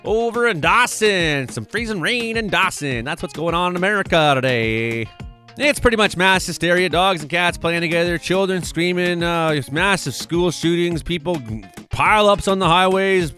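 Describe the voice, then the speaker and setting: A man's voice: high-pitched, moderate pace, bright, forceful tone, faint music behind. A man hosting a weather show in rambling, sarcastic, profane live commentary. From Canada.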